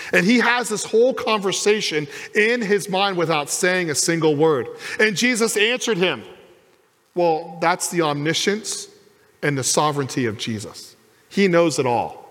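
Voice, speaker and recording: A man's voice: fairly high pitch, in a large hall. A man preaching a sermon as pastor in a church, acting out the voices of the people in his story. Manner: animated preaching, acts out quoted voices. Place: church sanctuary.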